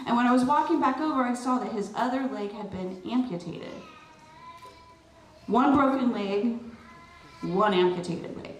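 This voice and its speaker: A middle-aged woman speaking at an event, telling a personal story in an animated, chatty way with lots of fillers. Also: a little high, normal speed. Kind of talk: storytelling speech to a crowd. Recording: roomy, distant PA sound with light noise.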